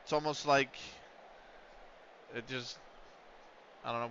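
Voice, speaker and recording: A man's voice: mid-range voice, fairly even intonation, takes it slowly, pushed and bright, a little hiss or hum. A man live-streaming a football management game, rambling in casual banter between play-by-play calls of the action. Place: lives in the United States. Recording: dull lo-fi stream audio.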